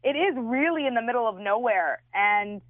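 A woman's voice: a little high, expressive, moderate pace, no echo. Chatty woman over a tinny phone line. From Canada. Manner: chatty, giggly, hesitant. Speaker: radio co-host. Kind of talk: casual radio chat.

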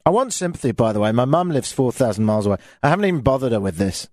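A man's voice: mid-range voice, sing-song, racing, a little mellow, no room sound. A man with a British accent hosting a talk radio show, chatting in a casual, self-mocking, grumbling way into a studio microphone.

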